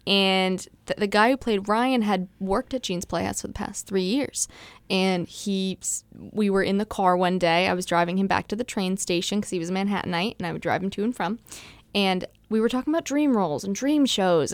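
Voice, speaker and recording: A woman in her twenties, a stage actor telling stories in a casual interview, animated and chatty. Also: medium pitch, normal speed, no echo.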